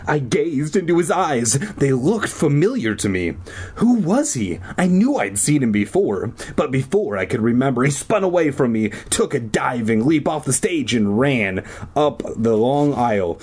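Husky, sarcastic man reading aloud. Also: mid-range voice, very animated, normal speed, darkish tone. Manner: sarcastic, swears in asides. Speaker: reader of a children's book. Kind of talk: comedic reading aloud with asides.

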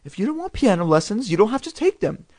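A gentle mother who soothes and pleads in a soft, raised voice, as a man reads her lines. She speaks in a hushed, reassuring way, and the sound is dry and close. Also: sits high, sing-song, normal speed, dry recording, pitched above the performer's own voice. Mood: soothing.

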